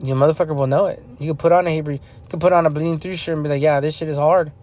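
A man's voice: a little high, steady tone, racing, a little mellow. A young man hosting a podcast, talking in a blunt, profane, repetitive ranting manner about music. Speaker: podcast host. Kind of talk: casual opinion monologue.

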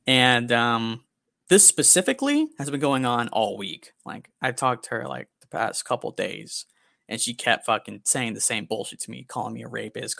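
A man's voice: medium pitch, vocal fry, a bit bright, no room sound, studio quality. A young man co-hosting a podcast, telling a story in a blunt, profane, rambling way. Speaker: podcast co-host. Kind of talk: casual storytelling chat.

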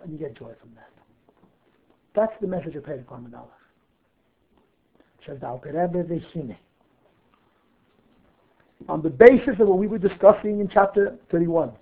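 A man teaching a Torah class, reading Hebrew text and explaining it line by line with questions and answers. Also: high-pitched. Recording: phone-like narrow audio.

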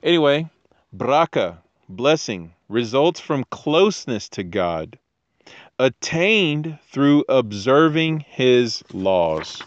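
A man's voice: mid-range voice, expressive, slow, highs cut off. A man giving casual scripture teaching with jokey asides, rambling tangents and frequent restarts. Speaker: teacher of Torah.

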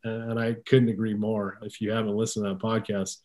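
A man's voice: on the low side, flat delivery, brisk, a little mellow. A man hosting a podcast in casual chat, talking conversationally and often repeating words as he thinks aloud. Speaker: podcast host.

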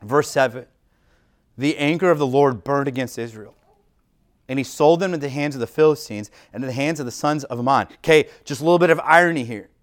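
A man giving a church sermon in a loose, conversational way, peppering his talk with fillers as he walks through a passage. His voice sits a little higher than most men's, and he moves between read verses and lively explanation. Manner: conversational, animated preaching with many "like" fillers. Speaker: pastor.

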